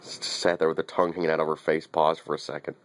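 A man's voice: rumbling low, little pitch movement, quick pace, slight background noise. A man giving a wry, teasing running commentary as he films his little dog, often repeating himself. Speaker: dog owner filming his pet. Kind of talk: casual running commentary to camera.

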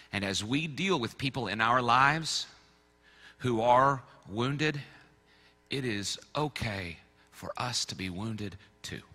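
A male pastor delivers a sermon in an easy, conversational way, sliding in playful asides. His voice is strikingly bright, and it rings out with a long reverb, as if filling a large church. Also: on the low side. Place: church sanctuary.

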